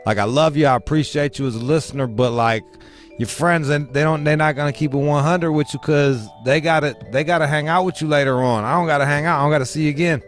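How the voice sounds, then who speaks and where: A man's voice: a little high, a little fast, faint music behind. Profane, hyped-up male radio host. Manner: loose, profane, hyped-up banter. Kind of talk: casual talk radio.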